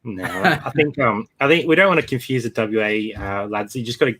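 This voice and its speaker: A man's voice: mid-range voice, fairly quick, a bit bright, slightly rough. An Australian man co-hosting a live stream, chatting casually and reading out names from the chat. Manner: laid-back, reads out chat names. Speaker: co-host of a live reselling show.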